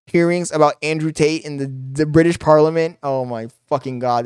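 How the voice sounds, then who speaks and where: A man's voice: fairly high pitch, steady tone, moderate pace, few pauses, darkish tone, smooth, dry recording, clean studio sound. A man streaming live, mocking clips in crude, swearing commentary.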